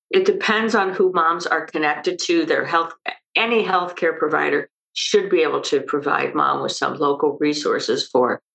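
An older woman, an expert guest on an interview podcast, explaining emphatically and telling lively stories. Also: deep voice, vocal fry, low-quality recording. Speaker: maternal mental health expert guest.

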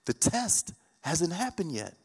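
Male preacher, fairly high voice, dramatic storytelling sermon delivery, long hall reverb. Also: big pitch swings, slow, husky. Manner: retells scripture with dramatic quoted voices, rising and falling intensity.

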